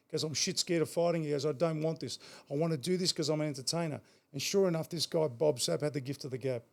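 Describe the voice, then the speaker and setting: Gravelly aussie guy, middle-aged, talks fast and blunt, swears a lot. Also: a little high, darkish tone. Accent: Australian. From Australia. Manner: blunt, swears freely, repeats words. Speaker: guest. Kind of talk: casual storytelling.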